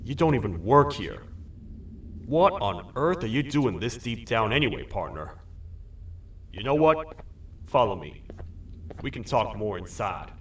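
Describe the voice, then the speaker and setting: A man voicing a gruff, suspicious toad sheriff in a video game. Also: on the low side, big pitch swings, unhurried, pauses often, distant mic, a little hiss or hum. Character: gruff male toad sheriff of a buried kingdom.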